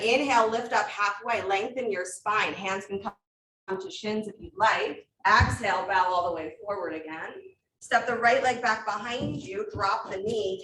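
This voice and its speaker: A woman teaching a live yoga class, calling out poses and breath cues in brisk steps with frequent encouragement. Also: medium pitch, a bit bright, a little hiss or hum. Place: yoga studio. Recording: echoey room, mic far off.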